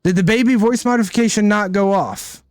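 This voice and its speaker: A man's voice: high-pitched, brisk, smooth, no room sound, clean studio sound, soft background music. A man streaming a card game live, thinking aloud in casual commentary and often tagging his lines with "right?".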